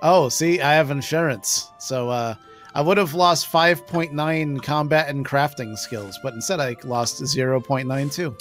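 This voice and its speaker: A woman live streaming a game, excitable and swearing, laughing and yelling at what happens on screen. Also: low-pitched, a little slow, faint music behind. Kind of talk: casual gameplay commentary.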